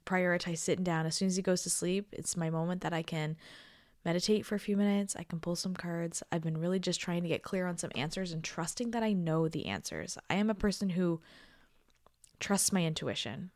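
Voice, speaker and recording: Woman podcast host, thirties, lowish voice, tired and emotional, confiding, drops to near-whispers, dry close sound. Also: a little fast, no room sound. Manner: reflective and confiding, drifting into soft near-whispers, laughing often. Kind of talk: casual solo podcast talk.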